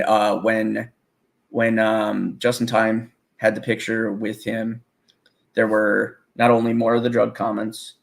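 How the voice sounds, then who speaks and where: A man with a low, gravelly voice talks loosely and at length. He swears constantly and breaks into laughter between thoughts, the way people talk in a relaxed hangout. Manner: rambling, swears freely, laughs often. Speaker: guest musician. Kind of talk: casual profane chat.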